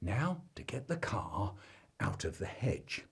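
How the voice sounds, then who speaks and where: A man telling a comic family story, swinging between deadpan asides and loud bursts. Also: fairly low pitch, slow pace, husky.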